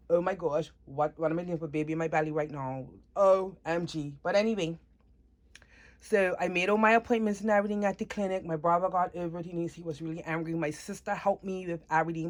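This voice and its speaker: A woman casually telling her life story to camera, chatting with viewers and checking in with them often. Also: lowish voice. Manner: animated retelling, voices shift up and down. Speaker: doll hobby vlogger.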